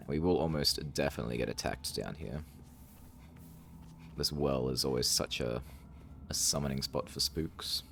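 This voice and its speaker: A man's voice: very deep voice, normal speed, gravelly, long pauses, fairly bright tone, slight background noise. A man streaming a horror game live, chatting casually with wry asides and reactions.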